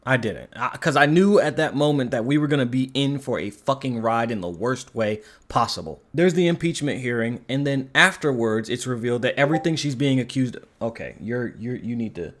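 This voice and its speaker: A man's voice: mid-range voice, expressive, brisk, few pauses, fairly bright tone. A man giving a casual spoken film review, rambling and sarcastic, swearing casually. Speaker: movie reviewer.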